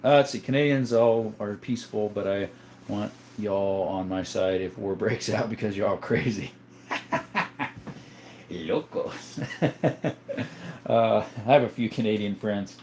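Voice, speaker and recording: A man hosting a casual livestream from home, reading viewer comments aloud in an easygoing way, chuckling often and thinking out loud. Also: on the low side, slow, long pauses, a little hiss or hum. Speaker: livestream host.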